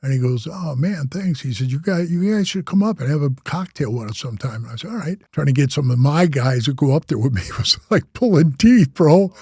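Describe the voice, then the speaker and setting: A man's voice: on the high side, lively intonation, fairly quick, few pauses, darkish tone, breathy edge, no room sound, clean studio sound. An older man from Wisconsin, a former biker club president, telling long rambling stories in a casual, slangy way. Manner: rambling, slangy, says "bro" and "man" a lot. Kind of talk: casual storytelling.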